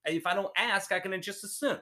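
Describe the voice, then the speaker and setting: A man co-hosting a podcast, telling stories in casual chat, animated and laughing often. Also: sits high, fairly quick. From United States. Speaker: podcast co-host.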